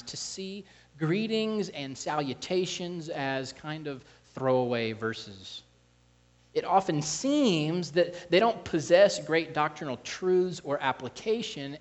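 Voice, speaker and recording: Earnest higher-voiced male pastor. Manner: earnest preaching with restarts, reading scripture aloud. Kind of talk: sermon.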